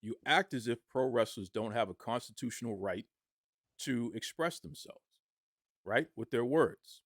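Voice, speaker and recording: A man giving impassioned podcast commentary, arguing forcefully and firing off rhetorical questions. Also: mid-range voice, moderate pace, dry recording, clean studio sound.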